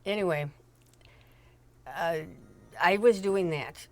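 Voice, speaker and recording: A woman's voice: lowish voice, slow pace. An older woman, a mother, telling family stories in a chatty, rambling way with frequent laughs and asides. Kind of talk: casual storytelling chat.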